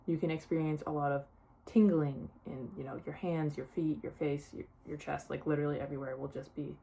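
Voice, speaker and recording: A woman's voice: deep voice, steady tone, a little fast, gravelly, warm tone, slightly rough. A young woman talking casually in a personal vlog, sharing her experience with many "like" fillers. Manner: chatty, lots of "like" fillers. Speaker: vlogger.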